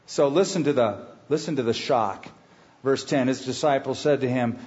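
A man preaching a sermon, reading scripture slowly and with weight, then breaking into conversational asides to the congregation. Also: medium pitch, a little mellow, lo-fi sound. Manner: expository preaching, reads scripture slowly and emphatically. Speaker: pastor.

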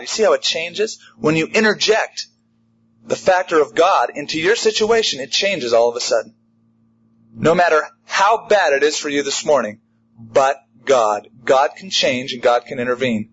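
A man preaching a sermon in an emphatic, animated way, driving home a repeated refrain. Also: a little high, normal speed, lo-fi sound, a little hiss or hum. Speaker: pastor.

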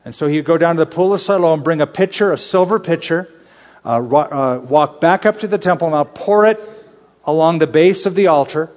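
A man with a fairly high voice preaches through scripture in a relaxed, conversational manner, then pushes into urgent, emphatic appeals. His voice rings out with the long reverb of a large hall. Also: brisk. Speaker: Bible teacher. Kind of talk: expository sermon.

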